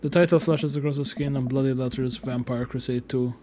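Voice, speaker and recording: A man's voice: mid-range voice, fairly even intonation, fairly quick, noisy background. Swearing young man streaming a game. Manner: casual and profane, chatting between read lines. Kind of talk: live game stream, reading game text aloud.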